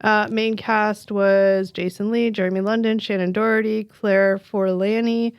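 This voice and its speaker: A woman's voice: medium pitch, flat delivery, unhurried, clean tone, no echo, lo-fi sound. A middle-aged woman co-hosting a podcast in a casual, chatty way, laughing often and full of "like" fillers. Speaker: podcast co-host. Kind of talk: casual chat.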